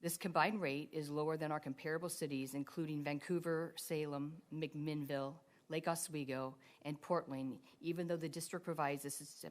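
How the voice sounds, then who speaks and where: A woman presenting a formal staff report at a public board meeting, in a measured way. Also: low voice.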